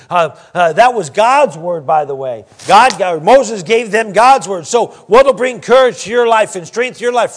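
Preaching in church, a pastor with a high voice for a man makes big pitch swings. Scripture comes slow and deliberate, then he sinks into quiet asides and rises again with emphasis.

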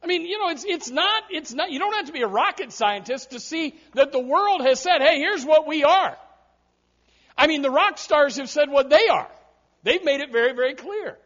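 A man preaching with a very high voice, punching his words and circling back with repeated restarts. The recording sounds dull and lo-fi. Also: animated, a little fast, a bit bright. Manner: emphatic, repetitive preaching with frequent restarts. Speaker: pastor. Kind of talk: sermon.

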